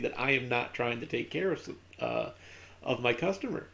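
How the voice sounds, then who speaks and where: A man's voice: mid-range voice, lively intonation, moderate pace, creaky, a bit bright. A man streaming a video game, rambling through a casual anecdote with lots of fillers. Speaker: gaming streamer. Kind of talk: casual storytelling while playing.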